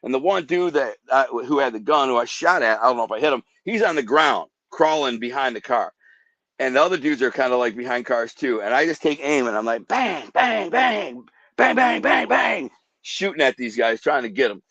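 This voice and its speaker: A man telling dramatic life stories in an animated way, acting out gunshots with sound effects. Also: mid-range voice, brisk, dry recording, dull audio. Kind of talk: animated storytelling.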